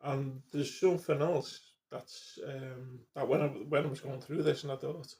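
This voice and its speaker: Brief: fifties guy, gravelly voice, loose sweary storyteller. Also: a little high, fairly even intonation, moderate pace, a little mellow. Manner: swears constantly, trails off, restarts sentences. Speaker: vlogger. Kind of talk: casual rambling monologue.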